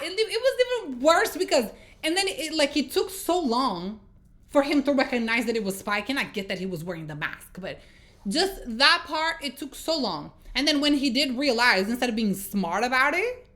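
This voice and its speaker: A woman giving a casual movie review, exasperated and swearing as she retells scenes. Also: high voice. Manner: exasperated, swearing, animated storytelling.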